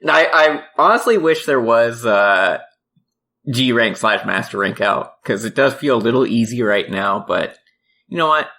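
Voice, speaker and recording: A man co-hosting a relaxed gaming podcast, chatty and upbeat about his games. His mid-pitched voice has a crisp, bright edge. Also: normal speed. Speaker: podcast co-host. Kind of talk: casual podcast chat.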